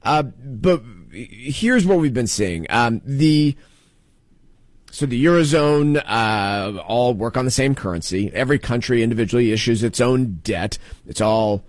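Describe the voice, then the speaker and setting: A man's voice: mid-range voice, animated, unhurried, no room sound. A man hosting a financial talk radio show, chatting loosely and jokingly and thinking aloud with plenty of fillers.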